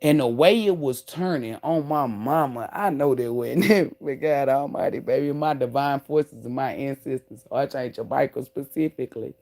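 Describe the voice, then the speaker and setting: A woman telling a profane, animated story straight to her viewers, calling them "y'all" and "baby", with emphatic outbursts. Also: very deep voice, moderate pace, hardly any pauses. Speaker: online creator.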